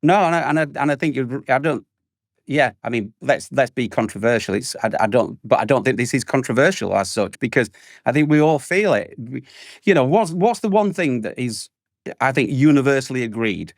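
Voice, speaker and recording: Animated man, dry close sound. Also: mid-range voice, fairly quick, no room sound. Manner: animated storyteller, acts out salespeople in exaggerated voices. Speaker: podcast panelist. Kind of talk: casual panel chat.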